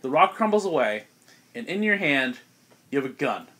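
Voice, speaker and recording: A man's voice: mid-range voice, sing-song, fairly bright tone. Casual young man running a tabletop game. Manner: casual, laughs often, quick voice snippets for monsters. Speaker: game master. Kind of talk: narrating a tabletop game with friends.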